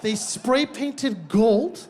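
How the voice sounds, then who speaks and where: High-voiced man doing animated stand-up. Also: some chatter behind, a little hiss or hum. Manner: animated, quick storytelling with punchy asides. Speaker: stand-up comedian. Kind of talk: stand-up comedy set. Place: stage.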